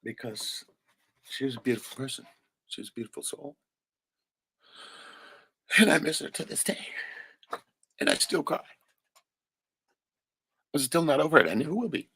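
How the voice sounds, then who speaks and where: Gravelly, husky man talking raw and profane. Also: a little high, animated, normal speed, pauses often, bright, forceful tone, no echo. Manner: profane and raw, with frequent "right?" tags. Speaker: livestream host. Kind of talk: emotional, unscripted stream monologue.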